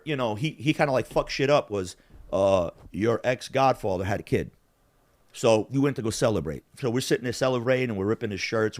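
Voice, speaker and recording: A man telling a story in casual, profane chat, acting out what the people in it said. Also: fairly low pitch. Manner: profane, animated, acts out quotes. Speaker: podcast host.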